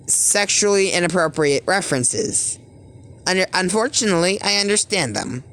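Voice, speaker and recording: A man's voice: high voice, animated, unhurried, bright, forceful tone. A man giving casual, rambling commentary on a cartoon, correcting himself often and laughing as he goes. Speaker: video commentator.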